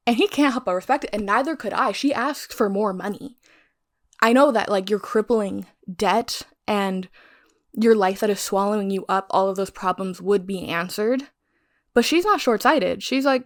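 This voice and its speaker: A young woman casually recapping a crime novel to camera, chatty and animated, swearing freely. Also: medium pitch, moderate pace. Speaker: book vlogger.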